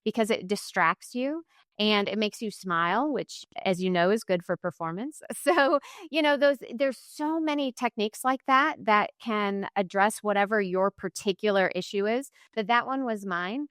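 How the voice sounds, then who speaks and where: A woman in her forties, a running coach, talking casually as an interview guest, lively and laughing often. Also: medium pitch, normal speed, smooth, no room sound, studio quality. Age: 40s. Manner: lively, laughs often, acts out quoted voices.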